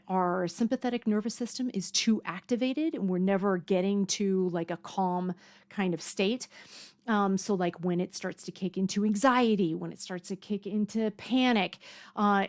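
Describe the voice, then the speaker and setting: Chatty woman teaching with lots of fillers. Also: mid-range voice. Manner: chatty, lots of fillers, acts out panicked voices for fun. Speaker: health coach. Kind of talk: casual educational talk. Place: home near a mountain lake.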